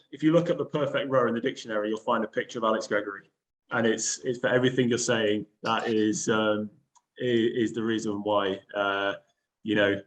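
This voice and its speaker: A man interviewing a guest in a casual, halting and enthusiastic way. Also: medium pitch, poor audio.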